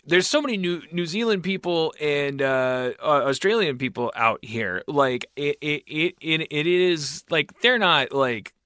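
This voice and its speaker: A man's voice: a little high, measured pace, few pauses, sharp tone, clear, resonant tone, no echo. A man hosting a podcast, chatting casually in a rambling, self-mocking way with many restarts. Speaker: podcast host. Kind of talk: casual comedic chat.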